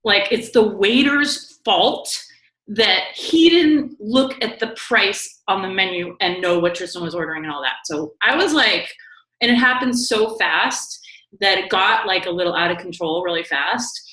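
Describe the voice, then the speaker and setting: A woman co-hosting a casual talk show, telling a story in a lively, quick way with lots of "like" and "you know". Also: medium pitch. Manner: animated, quick storytelling with many likes and you knows. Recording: echoey room.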